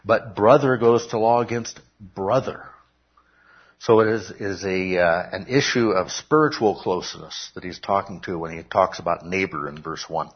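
Husky male pastor preaching. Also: low-pitched, normal speed, muffled recording. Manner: peppers talk with "okay?", rises to emphatic shouts. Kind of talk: sermon. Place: church.

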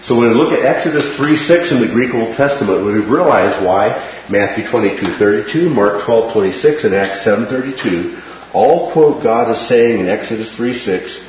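Male Bible teacher with a low voice, explaining verses and checking in with "right?", in a boomy room with a dull, lo-fi sound. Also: lively intonation, normal speed. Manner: explanatory, quotes scripture, checks in with "right?" and "okay?". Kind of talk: Bible study lesson. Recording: very echoey, dull room sound with faint hiss.

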